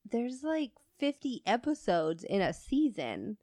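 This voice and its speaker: A woman's voice: a little high, very animated, measured pace, warm tone, no echo, studio quality. A young woman cohosting a casual podcast who swears freely and laughs often. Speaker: podcast co-host. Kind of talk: casual chat.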